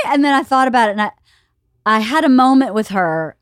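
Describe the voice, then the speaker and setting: Podcast host, fifties woman, lively storyteller who laughs a lot; dry close mic. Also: on the high side, brisk, no echo. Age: 50s. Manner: animated storyteller, laughs often, quotes others. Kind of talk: casual chat.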